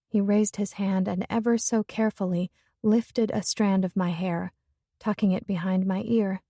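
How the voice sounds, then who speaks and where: A woman narrating a first-person romance audiobook in a measured, introspective way. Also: mid-range voice, steady tone, warm tone, no room sound, clean studio sound.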